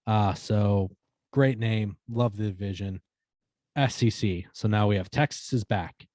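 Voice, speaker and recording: A man with a fairly low voice co-hosting a casual podcast, relaxed and easygoing. He rolls through long lists in a steady, even delivery. The recording is dry and close to the mic. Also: measured pace, no room sound. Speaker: podcast co-host. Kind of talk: casual chat.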